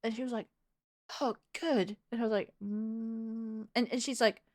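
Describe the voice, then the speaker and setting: A woman's voice: a little high, steady tone, racing. A woman live streamer chatting casually with her viewers and telling a rambling story, laughing often.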